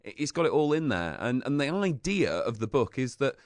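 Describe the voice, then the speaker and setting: Man, English accent, radio guest, jokey and chatty, mid pitch, dead dry sound. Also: very animated, fairly quick, no room sound. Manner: jokey, chatty, laughs often. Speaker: guest author and marine biologist. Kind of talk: casual radio interview. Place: radio studio.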